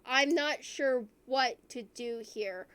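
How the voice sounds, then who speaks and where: A woman with a high voice leads a casual streamed podcast. She talks earnestly and asks her guests questions. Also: takes it slowly, a bit bright, smooth. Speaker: podcast host. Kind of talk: casual chat.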